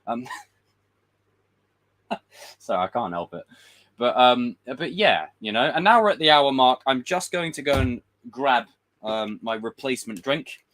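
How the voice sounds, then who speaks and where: A man's voice: medium pitch, very animated, fairly bright tone, a little hiss or hum. A man hosting a livestream, giving blunt, profane film opinions in casual, rambling talk. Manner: rambling with quick voiced impressions. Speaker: livestream host.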